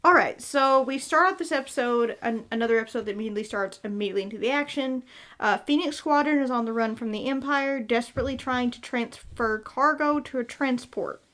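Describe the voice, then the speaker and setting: A Southern woman co-hosting a fan podcast, her voice sitting a little high. She talks in a relaxed, hesitant way, with many fillers, as she walks through trivia and recaps. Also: a little fast. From American South. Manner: hesitant, filler-heavy, recaps episode notes. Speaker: podcast co-host. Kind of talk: casual chat.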